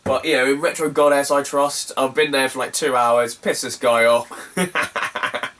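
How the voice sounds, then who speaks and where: A man's voice: medium pitch, steady tone, normal speed, a bit bright, recorded from a distance. A man telling a story casually to camera, chatty and sweary with lots of fillers. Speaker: retro game collector vlogger.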